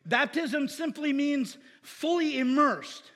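A man pastor preaching a casual, animated sermon in a church, with shouted bursts. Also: extremely high pitch, takes it slowly, in a large hall. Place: church sanctuary.

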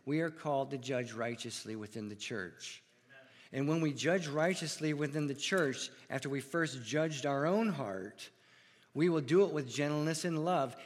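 A pastor preaches in an earnest, deliberate way, putting rhetorical questions to his congregation. His voice sits a little high for a man. The sound rings with the long reverb of a church hall. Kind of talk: sermon.

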